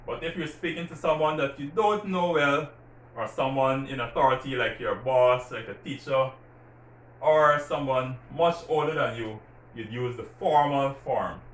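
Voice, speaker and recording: A man teaching Spanish greetings, patiently explaining grammar and repeating example words slowly with stressed syllables. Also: mid-range voice, fairly bright tone. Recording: roomy echo from a distant mic, faint background hiss.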